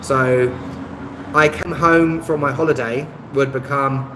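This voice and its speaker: A man from West London with a West London accent, hosting a live stream and reading out viewer comments in a relaxed way with lots of ums. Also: medium pitch, takes it slowly. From West London, England. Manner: relaxed, many ums, chuckles at himself. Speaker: YouTube travel channel host. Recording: echoey room, faint traffic noise.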